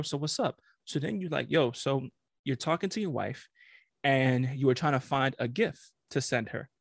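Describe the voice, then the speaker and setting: A man's voice: medium pitch, vocal fry, no echo, clean studio sound. A man co-hosting a casual podcast, blunt and argumentative, swearing freely. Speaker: podcast co-host. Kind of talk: casual chat.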